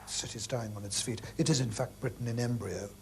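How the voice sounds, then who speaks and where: A man speaking in a measured, grave way in an interview. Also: mid-range voice, fairly even intonation, a little hiss or hum.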